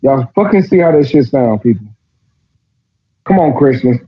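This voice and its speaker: A man hosting a podcast, giving profane, sarcastic, animated commentary as he reads a text aloud. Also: mid-range voice, normal speed, lo-fi sound. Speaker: podcast host. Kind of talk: mocking commentary while reading aloud.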